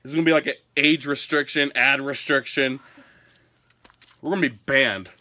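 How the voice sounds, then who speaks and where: A man from Pennsylvania telling stories and answering viewer questions in a casual, animated home vlog, often breaking into laughter. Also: mid-range voice, normal speed. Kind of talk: casual storytelling Q&A. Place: his home.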